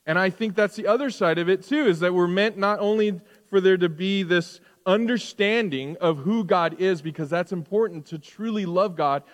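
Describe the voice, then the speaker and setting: A middle-aged man preaching a sermon as pastor, talking conversationally with rhetorical questions and moving between loud emphasis and hushed asides. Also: high voice, moderate pace, few pauses. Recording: long hall reverb.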